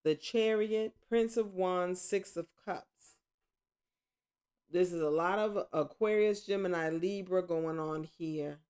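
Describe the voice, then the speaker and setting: Woman doing a chill tarot reading at home, slow and rambly, keeps correcting herself. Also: fairly low pitch, clean tone. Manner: rambling, self-correcting, with excited exclamations. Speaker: tarot reader. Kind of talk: casual spoken tarot reading.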